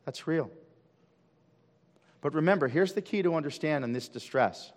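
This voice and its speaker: A male pastor preaching a sermon at a church service. He asks his listeners question after question and swings from loud, emphatic calls down to hushed, intense lines. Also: on the high side, expressive, normal speed, in a large hall. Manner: asks the congregation rhetorical questions.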